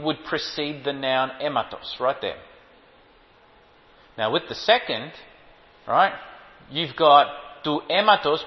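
Emphatic man preaching in an echoing hall. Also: on the high side. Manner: emphatic, repeats key phrases, asks the audience questions. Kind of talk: sermon with Greek Bible teaching. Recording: lo-fi hall recording, long reverb.

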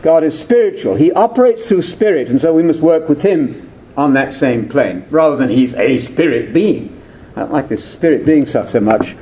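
Animated older male lecturer. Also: on the high side, moderate pace, a little hiss or hum. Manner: animated, digressive, rhetorical questions. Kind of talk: theological lecture.

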